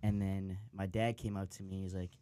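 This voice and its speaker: A man's voice: deep voice, little pitch movement, normal speed, warm tone, clear, resonant tone, dry recording. A young man telling a story in casual chat, laid-back and laughing as he goes.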